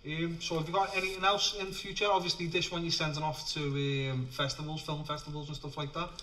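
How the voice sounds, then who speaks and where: A man's voice: a little high, flat delivery, fast talker, bright, forceful tone. A man hosting a chat show in an upbeat, chatty way. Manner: upbeat, chatty, says mate. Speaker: talk show host. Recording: distant mic with faint music.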